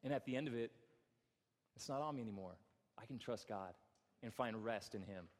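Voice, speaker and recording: A man's voice: mid-range voice, a little fast. A male pastor giving an earnest, self-deprecating sermon, often stumbling over repeated words. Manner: earnest, self-deprecating, frequent stammered restarts. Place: church hall. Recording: reverberant church hall.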